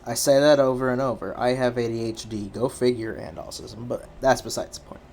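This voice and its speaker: A man's voice: medium pitch, level tone, brisk, darkish tone, a little hiss or hum. A man streaming and talking to himself in a casual, rambling way, tired and yawning, often restarting his sentences. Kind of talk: casual solo stream commentary.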